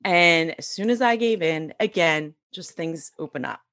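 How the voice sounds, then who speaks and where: A middle-aged woman, a podcast guest, telling her story in a casual, animated way and acting out the voices of people she quotes. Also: sits low, moderate pace. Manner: animated, acts out quoted dialogue.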